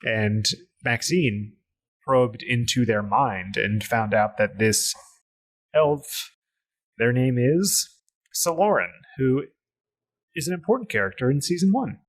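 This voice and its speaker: A man who is the game master of a podcast, recapping the last game session haltingly with many fillers. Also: mid-range voice, expressive.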